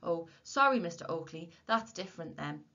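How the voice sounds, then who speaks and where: Woman doing a gruff suspicious shopkeeper. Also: medium pitch, lively intonation, moderate pace, bright, forceful tone, pitched above the performer's own voice. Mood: apologetic. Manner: blunt, brusque. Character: gruff middle-aged male shopkeeper, suspicious. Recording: dull lo-fi recording.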